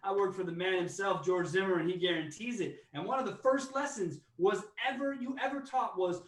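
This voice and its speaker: Male podcast host, high voice, blunt and conversational; roomy sound, distant mic. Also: a little fast.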